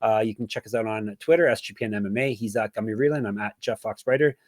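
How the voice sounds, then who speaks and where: A man's voice: on the low side, fast, no echo, clean studio sound. A man hosting a sports betting podcast, chatting casually, joking and plugging links. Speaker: podcast host.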